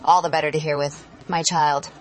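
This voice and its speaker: Lady doing a big bad wolf, sly and gruff, sweet-talking in a storybook. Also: low-pitched, little pitch movement, fairly quick, a little hiss or hum, natural voice, poor audio. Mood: coaxing. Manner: gruff and wheedling.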